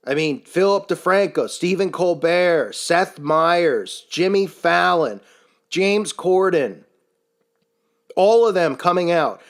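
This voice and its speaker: A man delivering a scornful, sarcastic commentary rant, full of rhetorical questions. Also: a little high. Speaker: commentary channel host. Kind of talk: ranting monologue commentary.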